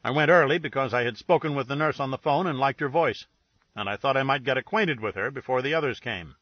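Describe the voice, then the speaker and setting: A man voicing a blunt, crude middle-aged man with a sore jaw, speaking in a breathy baritone. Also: quick pace, no echo, natural voice. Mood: brash. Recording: dull lo-fi recording.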